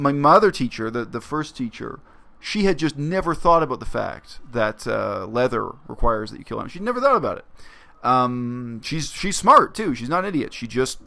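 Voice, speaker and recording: A man talking through a story in a reflective, explanatory vlog monologue, with frequent pauses and fillers. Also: mid-range voice, animated, gravelly, bright, forceful tone. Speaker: vlogger. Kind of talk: casual spoken monologue.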